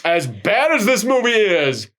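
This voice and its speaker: Excitable rambling man, fairly high voice. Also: a little slow. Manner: excitable, rambling, swears freely. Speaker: podcast host. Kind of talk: casual film recap chat.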